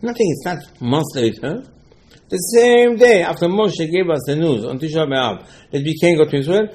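A man giving a Torah lesson, animated, acting out dialogue with rhetorical questions and mixing Hebrew terms into English. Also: a little high, moderate pace. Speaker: Torah teacher. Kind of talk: Torah lesson on the weekly portion.

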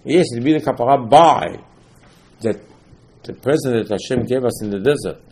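Animated preaching man, mellow voice. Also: mid-range voice, moderate pace, slightly rough. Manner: animated storytelling with dramatic asides and rhetorical questions; non-native English with Hebrew terms. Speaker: rabbi teaching Torah. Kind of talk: sermon.

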